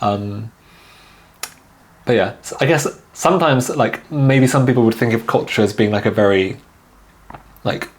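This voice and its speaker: A man from China, a podcast guest, talking in a relaxed, casual way with lots of "yeah" and "like". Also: mid-range voice, normal speed, pauses often. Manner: relaxed, peppered with repeated yeahs and likes. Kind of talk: casual conversation.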